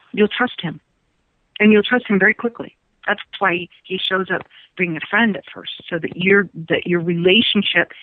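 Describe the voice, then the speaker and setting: A woman psychic guest reads for a radio call-in show over a tinny phone connection. Her mid-range voice is recorded dry, and she laughs frequently while hammering her points home repetitively.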